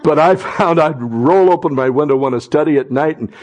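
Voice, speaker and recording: A middle-aged man preaching a sermon as pastor, talking conversationally and then rising to loud impassioned cries. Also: fairly high pitch, a little fast.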